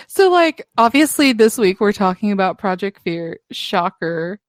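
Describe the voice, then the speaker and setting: A woman's voice: mid-range voice, big pitch swings, unhurried, dry recording. A young woman co-hosting a podcast in casual chat, laughing often and swearing freely. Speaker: podcast co-host.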